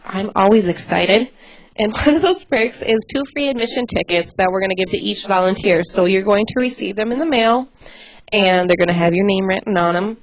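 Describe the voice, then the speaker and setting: A woman volunteer coordinator talking casually and quickly to volunteers, chatty and laughing easily. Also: medium pitch, dry recording, highs cut off. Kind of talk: casual livestream address.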